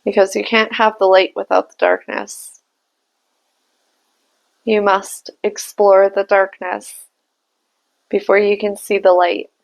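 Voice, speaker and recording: A woman's voice: mid-range voice, level tone, takes it slowly, vocal fry, long pauses, poor audio. A young adult woman giving a casual spiritual tarot reading, musing aloud and laughing at herself. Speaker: tarot reader and channeler.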